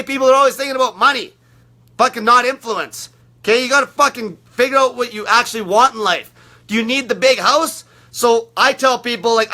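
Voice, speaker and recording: A man in his thirties rants at his listeners, swearing nearly every sentence and hammering the same phrases over and over. His voice sits very high and cuts sharply. He sounds like a blunt, aggressive motivator for his own diet group. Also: bright, forceful tone. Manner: aggressive, profane, repetitive. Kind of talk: profane motivational rant.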